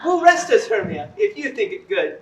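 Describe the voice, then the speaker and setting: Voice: mid-range voice, very animated, moderate pace, natural voice. An actor playing an ardent, fickle young male lover, declaiming verse in a stage play. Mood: tender. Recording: distant echoey stage, faint noise.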